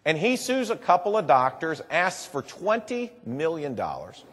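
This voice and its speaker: Man, earnest storyteller, slightly high voice, long hall reverb, live audience speech. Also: wildly swooping pitch, normal speed, breathy edge. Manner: earnest storytelling, repeats "and boy". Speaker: public speaker.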